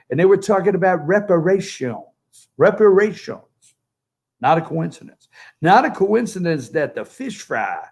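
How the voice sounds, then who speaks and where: A man with a gravel-edged, slightly higher voice delivers opinionated political talk. He has a joking, sarcastic manner. He speaks remotely from a poolside spot. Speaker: political commentator. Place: outdoors by a pool, remote from the studio.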